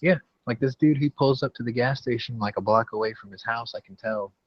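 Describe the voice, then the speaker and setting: A man hosting a casual podcast chat, relaxed, laughing often and swearing freely. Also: mid-range voice, a little fast, no echo, lo-fi sound. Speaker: podcast host.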